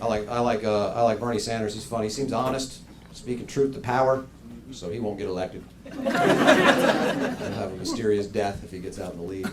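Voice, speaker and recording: A man's voice: on the low side, steady tone, normal speed. A man doing a stand-up comedy set, chatty and laughing at his own jokes. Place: comedy club stage before a laughing crowd. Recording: echoey club, loud crowd and noise.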